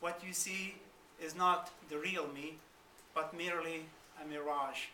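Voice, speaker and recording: Male orator, slow deliberate delivery, high ringing voice, caught from across an echoey hall. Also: steady tone, pushed and bright, a little hiss or hum. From Turkish-ruled Kurdistan. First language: Kurdish. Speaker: guest speaker. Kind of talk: formal lecture oration. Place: university lecture hall. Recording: roomy hall, mic from far off.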